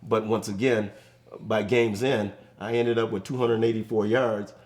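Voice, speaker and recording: A man in his sixties, a former football player, chatting as a studio guest and telling animated stories. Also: on the low side, unhurried. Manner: animated storyteller, acts out quotes. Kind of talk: casual studio chat, storytelling. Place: studio set.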